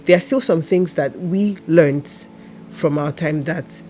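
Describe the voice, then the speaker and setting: A woman, a mother speaking on a casual discussion panel in a measured, reflective way. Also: low-pitched, dark tone, a little hiss or hum.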